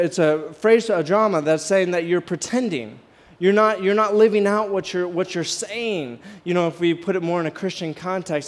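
Male pastor, high voice, chatty sermon style with many restarts, questions for the congregation. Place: church sanctuary, walking the aisle.

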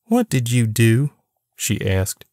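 A man's voice: medium pitch, sing-song, slow pace, a little mellow, no room sound, clean studio sound. A man reading the lines of a stern, mysterious otherworldly woman who scolds firmly.

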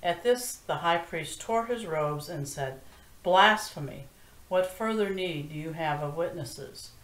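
A woman reading a scripture passage aloud in a measured, even way for a prerecorded church service. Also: fairly low pitch. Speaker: scripture reader. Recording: echoey room.

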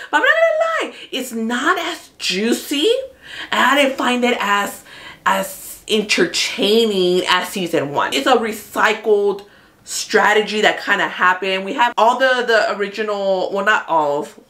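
A woman hosting a casual TV recap, talking in an animated, chatty way, swearing freely and acting out what the characters say. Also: mid-range voice, measured pace. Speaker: host of a TV recap channel. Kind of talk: casual spoilery show recap.

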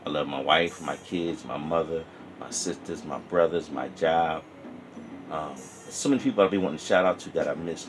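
A man casually chatting through a toy review vlog, rambling and heartfelt. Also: sits low. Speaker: toy collector vlogger.

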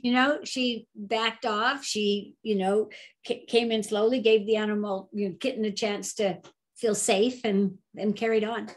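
A woman's voice: mid-range voice, fairly even intonation, unhurried. A woman joining a casual conversation, speaking reflectively, with some restarts.

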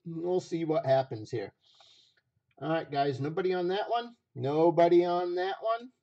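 A hoarse man running a live stream auction, repeating phrases as he hypes each item from a basement room. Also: fairly high pitch, a little slow, highs cut off.

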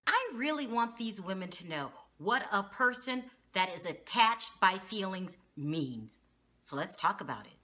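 A woman's voice: mid-range voice, very animated, measured pace, background noise. A woman recapping a reality TV episode in a casual vlog, outspoken and slangy, with frequent exclamations. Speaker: TV show reviewer.

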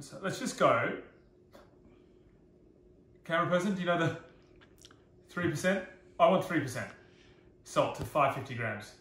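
Here a man from Australia, a chef, runs a chatty live cooking demo in a kitchen, poking fun at himself and laughing when he slips up. His voice is fairly high-pitched and a bit bright, captured with roomy echo and faint background noise.

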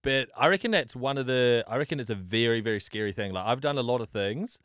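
A man's voice: medium pitch, animated, quick pace, fairly bright tone, no echo, clean studio sound. A young man with a New Zealand accent, co-hosting a radio show in casual banter, easygoing with lots of fillers. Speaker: radio co-host.

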